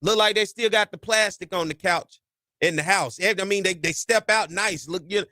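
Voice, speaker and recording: A man hosts a sports talk podcast in a high, bright voice. He preaches his points with lively swings in pitch and folksy slang. The sound is close and dry. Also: moderate pace, no echo. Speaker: podcast host.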